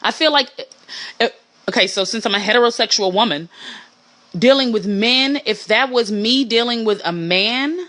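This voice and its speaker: Animated, bright-voiced woman riffing. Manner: animated, swinging pitch for emphasis, mimics people she describes. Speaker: podcast host. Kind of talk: casual monologue.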